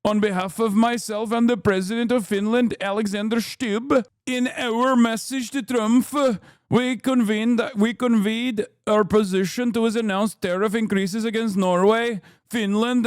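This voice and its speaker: A man voicing a middle-aged Norwegian prime minister with a put-on Norwegian accent, reading a formal statement in a slow, sing-song way. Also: high voice, fairly even intonation, clear, resonant tone, no room sound, studio quality, voice pushed up.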